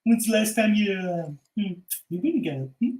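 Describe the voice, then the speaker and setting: A man's voice: sits high, animated, moderate pace, darkish tone, reverberant. A man voicing a leering cartoon man who hawks junk in a nasal, wheedling patter.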